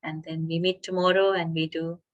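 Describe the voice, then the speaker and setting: A woman teaching an online chanting class, patiently explaining pronunciation and chanting slowly over a video call. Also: low-pitched, little pitch movement, dull audio.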